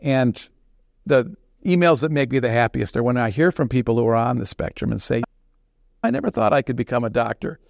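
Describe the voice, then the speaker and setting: A man who writes fiction, giving an informal talk on the writing craft in an unhurried, conversational way. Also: mid-range voice, animated, gravelly, no room sound, studio quality. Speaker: fiction author.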